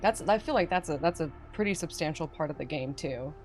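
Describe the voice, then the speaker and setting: A woman's voice: deep voice, expressive, fairly quick, darkish tone, soft background music. A woman hosting a casual game stream, chatting with a guest and reading chat aloud with frequent laughter. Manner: bubbly, laughs often, reads chat aloud. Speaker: streamer host.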